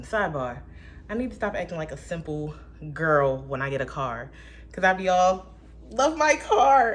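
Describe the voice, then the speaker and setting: A young woman vlogging a casual faith monologue, candid and profane, with animated asides and quick voice-switching quotes. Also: on the low side, slight background noise.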